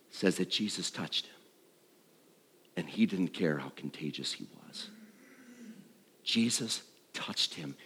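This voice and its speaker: A middle-aged man preaching a sermon, swinging between loud and hushed. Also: lowish voice, breathy edge. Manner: animated, dramatic shifts between loud and hushed. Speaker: pastor. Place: church sanctuary. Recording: long reverb of a large hall.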